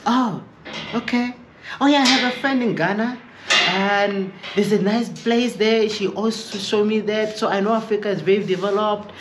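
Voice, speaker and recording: A man voicing a naive, insistent American man who keeps quizzing an African, in a high, incredulous squeak. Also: moderate pace, very noisy, close to an everyday voice. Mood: chatty.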